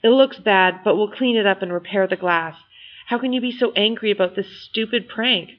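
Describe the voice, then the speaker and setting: A woman reading the lines of a reasonable, level-headed teenage girl trying to calm her brother. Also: mid-range voice, normal speed, highs cut off, close to an everyday voice. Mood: soothing.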